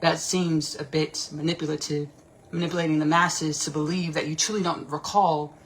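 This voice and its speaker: A woman hosting a casual livestream, talking in an animated, rambling, slangy way and repeating herself often. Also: low voice, moderate pace, slight background noise. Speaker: podcast host.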